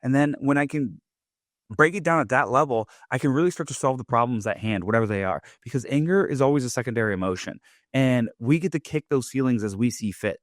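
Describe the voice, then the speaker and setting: A man's voice: mid-range voice, quick pace, no echo, studio quality. A man hosting his own podcast, talking in a loose, casual monologue full of "like" and "right?". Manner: loose, chatty, leans on "like" and "right?". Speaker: podcast host.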